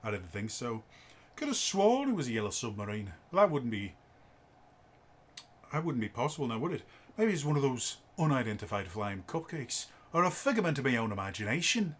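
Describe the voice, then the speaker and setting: A man's voice: mid-range voice, very animated, a little fast, a bit bright. A man putting on a Liverpudlian accent, voicing a wry, bemused man who muses aloud with dry rhetorical questions. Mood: wry musing.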